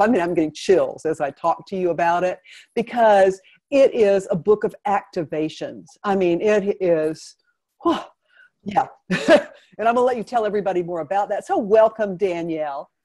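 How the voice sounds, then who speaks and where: Effusive woman hosting a talk show, mellow. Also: mid-range voice, moderate pace. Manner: effusive, laughs often. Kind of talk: casual live interview.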